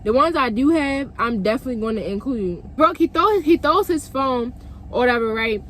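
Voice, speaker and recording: High-voiced young woman telling a storytime. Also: lively intonation, normal speed, a bit bright, a little hiss or hum. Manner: profane, emphatic, talks straight to viewers. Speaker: vlogger. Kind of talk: storytime vlog.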